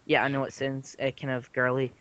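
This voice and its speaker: A man chatting casually about manga and anime with friends, now and then breaking into loud mock voices. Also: monotone, brisk, no echo, lo-fi sound. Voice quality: slips into loud high-pitched mock voices. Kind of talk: casual chat.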